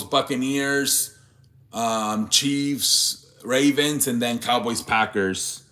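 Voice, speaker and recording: In a mid-range, slightly bright voice, a young man hosts a live sports show and chats loosely with his audience. The live-stream talk is casual, drifting into rambling and swearing when he gets riled.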